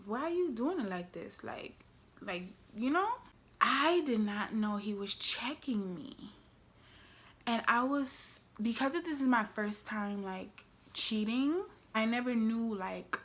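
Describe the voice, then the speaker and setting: A young woman vlogger telling a frank storytime to her viewers in casual slang, swinging from loud exclaims to hushed asides. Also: medium pitch, slow.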